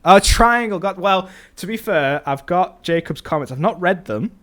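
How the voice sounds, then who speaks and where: A man hosting a relaxed movie podcast, his voice sitting a touch higher than most men's. He talks in loose, rambling runs and restarts his thoughts often as he weighs his opinions. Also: moderate pace. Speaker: podcast host. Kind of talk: casual podcast chat.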